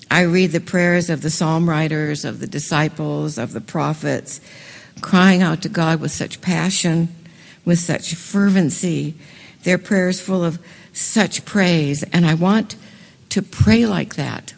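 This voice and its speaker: A woman preaching a sermon with passion, her voice swelling loudly when she reads scripture. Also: deep voice, slow pace, gravelly. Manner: impassioned, swells loud on scripture lines. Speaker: women's ministry speaker. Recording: reverberant hall.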